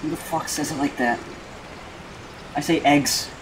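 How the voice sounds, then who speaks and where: A man's voice: fairly high pitch, unhurried, very noisy. Joking, profane male game streamer. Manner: joking and profane, with loud outbursts. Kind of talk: casual gameplay commentary.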